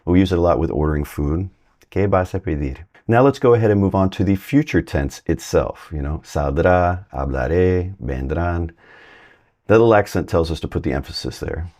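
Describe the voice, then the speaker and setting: Low, mellow-voiced man teaching Spanish. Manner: relaxed, conversational explaining with examples. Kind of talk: casual language lesson.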